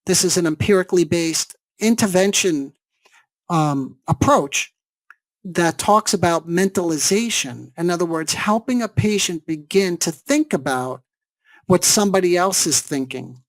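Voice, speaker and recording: A man with a high-pitched voice and measured pace lectures on therapy as a psychologist leading a seminar. He builds explanations step by step and checks in through rhetorical questions. There's no room sound.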